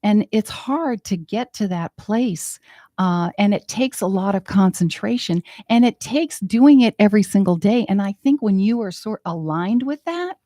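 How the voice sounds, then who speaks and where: A woman's voice: medium pitch, lively intonation, normal speed, dark tone, no room sound, clean studio sound. A woman speaking as a life coach guest in an interview, earnest and full of fillers and restarts. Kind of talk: casual interview chat.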